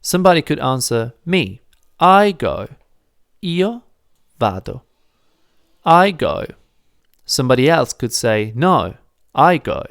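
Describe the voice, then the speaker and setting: A man gives a video grammar lesson, walking through each phrase patiently and saying examples twice. His voice has a gravelly edge yet stays smooth and clear. The sound is dry and close, with no room echo. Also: medium pitch, sing-song. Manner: patient, explains step by step, repeats phrases slowly. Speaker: Italian language teacher.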